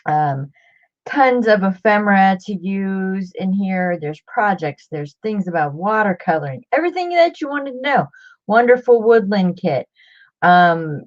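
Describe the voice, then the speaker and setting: A woman's voice: fairly low pitch, highs cut off. A woman hosting a craft video, talking casually to her viewers in a chatty, rambling way with many fillers and restarts. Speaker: craft channel host.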